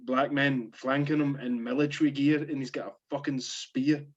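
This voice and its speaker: A man in casual podcast banter, loose and sweary, cracking jokes at his co-host. His voice sits at an ordinary middle pitch. The recording comes through dull and lo-fi. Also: little pitch movement, moderate pace, slightly rough. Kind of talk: casual chat. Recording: dull lo-fi sound.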